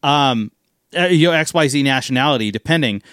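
A man's voice: medium pitch, animated, a little fast, fairly bright tone, smooth, no room sound, studio quality. A man co-hosting a casual podcast, chatty and a bit foul-mouthed. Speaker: podcast co-host. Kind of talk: casual chat.

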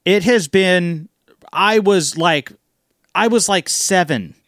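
A man's voice: high voice, takes it slowly, fairly bright tone, no room sound, clean studio sound. A man in casual chat, hesitant and easygoing, giving short replies.

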